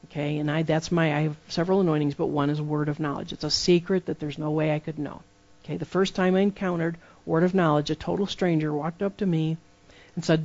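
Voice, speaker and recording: A preacher giving a sermon full of personal testimony, telling the stories lively and acting out the dialogue. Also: medium pitch, fairly quick, muffled recording. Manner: lively storytelling that acts out dialogue.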